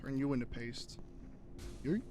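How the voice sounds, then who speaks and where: A young man live-streaming a game, chatting casually with viewers in a profane, animated way, ranting and restarting his sentences. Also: mid-range voice, measured pace, over loud music. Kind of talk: casual live-stream chat while gaming.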